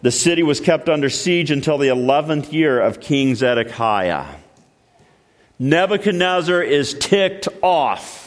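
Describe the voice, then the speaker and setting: Man preaching in a reverberant hall. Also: lively intonation. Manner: emphatic preaching with many repeated starts, dropping low and slow for weight. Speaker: pastor. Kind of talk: sermon. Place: church sanctuary. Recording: long reverb of a large hall.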